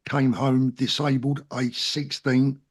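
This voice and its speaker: A man's voice: medium pitch, little pitch movement, slow pace, slightly rough. Man, South London accent, middle-aged, interview guest, earnest, plain-spoken, emphatic. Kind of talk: casual interview talk.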